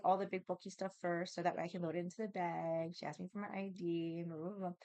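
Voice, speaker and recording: A woman's voice: mid-range voice, clear, resonant tone, dry recording. A woman casually telling a rambling story about her day as a vlogger, with lots of filler words.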